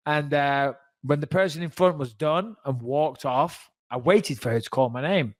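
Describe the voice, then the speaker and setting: A man's voice: medium pitch, normal speed, hardly any pauses, dry recording. A man, telling a story casually on a podcast and acting out the people he quotes. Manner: animated, acts out quoted dialogue.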